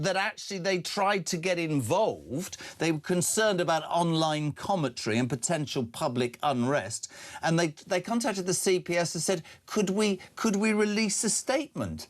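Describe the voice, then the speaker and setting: A man's voice: on the high side, expressive, normal speed. An older man hosting a breakfast radio talk show, blunt and sardonic, with frequent fillers. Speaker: radio host.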